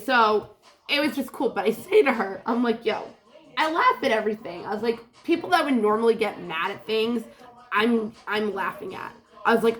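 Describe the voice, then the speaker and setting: A woman's voice: medium pitch, a bit bright. A woman telling a rambling story in a casual vlog, laughing often and swearing freely. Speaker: vlogger.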